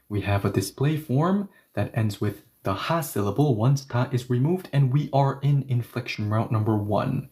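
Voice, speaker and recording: A man's voice: medium pitch, warm tone. A man teaching a grammar lesson, explaining each step and asking questions that he then answers himself. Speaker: Korean language teacher.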